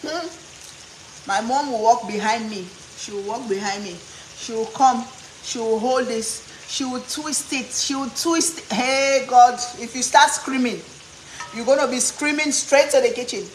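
A woman's voice: a little high, unhurried, slight background noise. A woman from Africa, telling funny stories while cooking in her home kitchen. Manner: animated, humorous storyteller. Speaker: cooking vlogger. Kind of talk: storytelling chat while cooking. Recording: echoey kitchen with faint cooking sounds.

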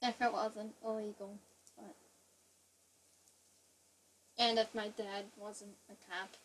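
A woman playing Minecraft with a friend, cracking dry, deadpan jokes and rambling asides. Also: medium pitch, slow, long pauses, slight background noise, poor audio. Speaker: Minecraft player. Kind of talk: joking gameplay chatter.

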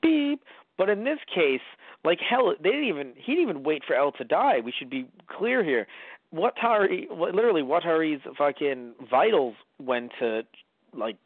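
A man co-hosting a casual movie review podcast, talking in an animated, rambling, profane way. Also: a little high, moderate pace, dry recording. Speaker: podcast co-host. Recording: dry, phone-like line.

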